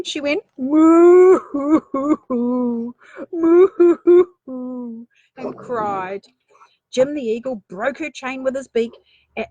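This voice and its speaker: A woman's voice: high-pitched, no room sound. A woman reading a children's story aloud, playful, with chatty asides.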